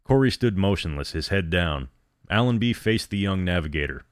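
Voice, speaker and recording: A man's voice: normal speed, clean tone, dry recording, studio quality. A man reading a story aloud, narrating and voicing each character in turn. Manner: reads all characters in a low steady voice. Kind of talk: scripted narration.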